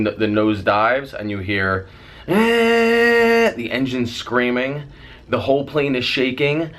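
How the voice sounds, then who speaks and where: A man's voice: mid-range voice, a little hiss or hum. A young man telling a dramatic story in a casual vlog, swearing freely and mimicking the noises as he goes. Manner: animated, dramatic retelling with sound effects. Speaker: vlogger.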